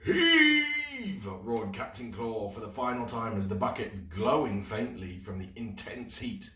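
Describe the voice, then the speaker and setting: A man reading a children's book aloud in an expressive storytelling voice. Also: fairly low pitch. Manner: expressive, slow read-aloud. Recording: roomy room, mic at a distance.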